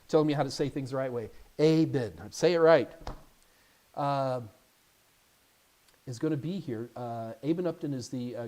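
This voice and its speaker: A man hosting a casual live Q&A stream as an IT certification instructor, chatty and animated, with jokey asides. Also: mid-range voice.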